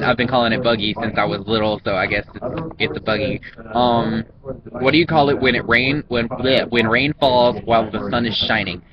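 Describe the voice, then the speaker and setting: Man, Southern US accent, chatty, rambling, dull lo-fi sound, crowd murmur behind. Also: mid-range voice. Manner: rambling, chatty, frequent ums and restarts. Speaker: vlogger. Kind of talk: casual accent-challenge vlog.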